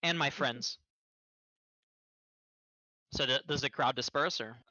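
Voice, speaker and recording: A man describing his character's actions in a tabletop game, halting with frequent pauses and restarts. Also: medium pitch, bright, forceful tone, no room sound, muffled recording. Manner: halting, lots of ums and restarts. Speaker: player.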